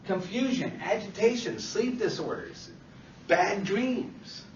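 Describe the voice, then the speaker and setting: A man's voice: high-pitched, expressive, slow pace, a little hiss or hum. Emphatic male instructor in an echoey classroom. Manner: emphatic, repeats himself, asks the class questions. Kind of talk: classroom lecture. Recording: distant, echoey, dull classroom recording.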